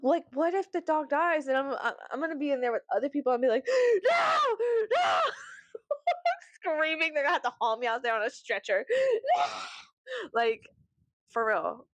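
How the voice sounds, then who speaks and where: A woman vlogger chats casually in a high, fast voice, swearing often and breaking into laughter and theatrical outbursts. There's no room sound.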